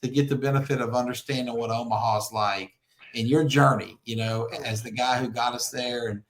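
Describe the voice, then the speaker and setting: A man's voice: medium pitch, fairly even intonation, fairly quick, low-quality recording. A man hosting a casual interview with easygoing reactions. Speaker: podcast host.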